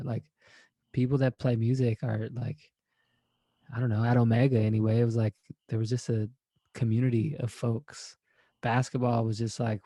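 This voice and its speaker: A former college basketball player appears as a guest on a podcast, telling rambling, profane stories in a relaxed way. His mid-range voice is warm, and the recording is clean studio sound with no echo.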